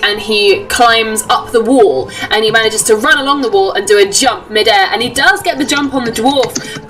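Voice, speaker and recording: A woman's voice: on the high side, a bit bright, recorded from a distance, low-quality recording. A woman running a tabletop game as game master, chatty and full of ums, heard from a little away from the mic. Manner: chatty, laughing often, many ums.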